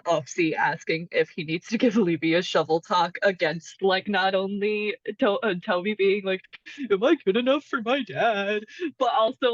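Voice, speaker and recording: A woman's voice: mid-range voice, no echo. A playful woman player in a tabletop game who laughs often. Her voice is dull, dry and slightly lo-fi. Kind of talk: casual play and chat.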